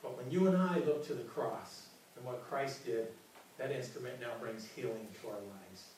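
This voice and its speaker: A man's voice: medium pitch, normal speed, darkish tone, slight background noise. A man preaching a sermon as pastor, earnest and often repeating his words. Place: large church hall. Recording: very echoey hall, mic from far.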